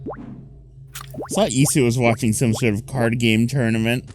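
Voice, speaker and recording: A woman's voice: rumbling low, measured pace. A woman co-streaming a game, reacting with laughter and casual swearing. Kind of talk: casual chat while gaming. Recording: loud game music behind.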